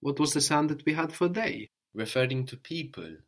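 Male tutor, calm and patient; drills the student with short prompts and tag questions. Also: on the high side, normal speed. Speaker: language teacher. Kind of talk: one-on-one language lesson.

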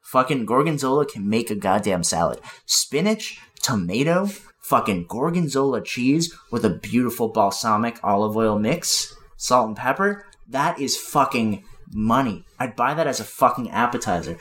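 A man's voice: medium pitch, normal speed, few pauses. A man co-hosting a casual podcast, arguing his points with heavy swearing and emphatic enthusiasm. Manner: profane, emphatic, animated arguing. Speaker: podcast co-host. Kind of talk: casual chat.

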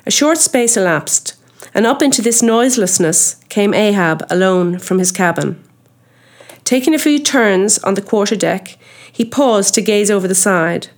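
Woman narrating an audiobook, measured. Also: medium pitch. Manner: measured, expressive reading of ornate old prose. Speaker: audiobook reader.

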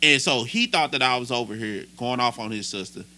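A young man co-hosting a podcast, telling a story in casual, animated, profane chat. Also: mid-range voice, a little fast. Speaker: podcast co-host.

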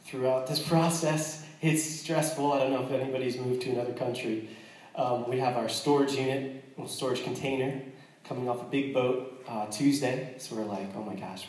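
An American man shares his testimony with a congregation, earnest but quick to joke, often restarting his sentences. He sounds set back from the mic, in a hall with heavy echo. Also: medium pitch, darkish tone, distant mic, slight background noise. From United States. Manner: earnest and joking, with frequent restarts. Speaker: missionary speaking to a church.

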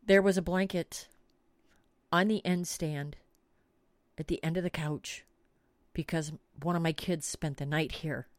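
A woman's voice: mid-range voice, no room sound, clean studio sound. A middle-aged woman host telling a comic story with frequent swearing and dramatic emphasis. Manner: animated, swears freely, dramatic retelling. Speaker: podcast host.

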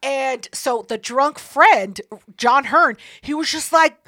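A woman hosting a podcast, telling a story in casual chat, loud and profane, acting out the people she quotes. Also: sits high, takes it slowly, dry recording, clean studio sound. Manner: loud, profane, laughing, acts out quoted voices. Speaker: podcast host.

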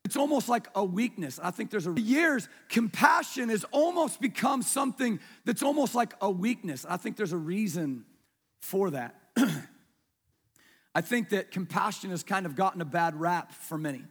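A man preaching a sermon in a conversational way, asking his congregation questions and dropping to a hush for emphasis. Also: high voice, lively intonation, normal speed, slightly rough. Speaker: pastor. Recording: long reverb of a large hall.

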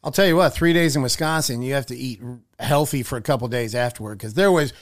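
A man co-hosting a radio talk show, telling a wry, animated story in casual chat. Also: medium pitch, quick pace.

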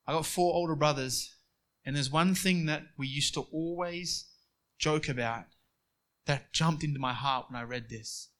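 A man preaching a sermon, moving between quiet storytelling and emphatic passages. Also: on the high side, unhurried.

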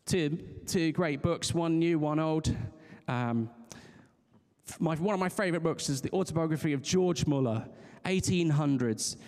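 A pastor preaches in a conversational, earnest manner, restarting phrases and laughing lightly as he goes. His voice is medium-pitched and a little mellow, caught in the long reverb of a large hall.

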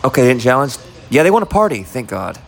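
Gravelly, profane male streamer. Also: medium pitch, sing-song, quick pace. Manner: profane, heckling, jokey outbursts. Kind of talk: live sports watch-along commentary.

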